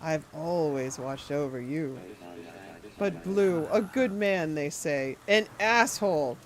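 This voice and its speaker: An unsettling old man creeping through his lines in a slow, syrupy voice, as a woman reads him from a game. His pitch sits on the low side, and his menace stays quiet and patient. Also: expressive. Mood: menacing. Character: creepy older man, unsettling self-appointed guardian. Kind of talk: reading game dialogue aloud.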